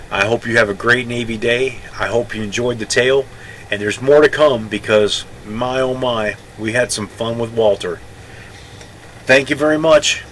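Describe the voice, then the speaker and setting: A man's voice: medium pitch, a bit bright, slight background noise, rough recording. A man in his sixties, a Navy veteran telling a rambling story casually, often correcting himself. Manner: rambling, self-correcting, chatty.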